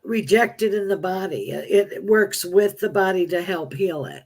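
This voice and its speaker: Halting, plain-spoken woman. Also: mid-range voice, darkish tone, slightly rough. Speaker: psychic medium guest. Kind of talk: casual live-stream chat.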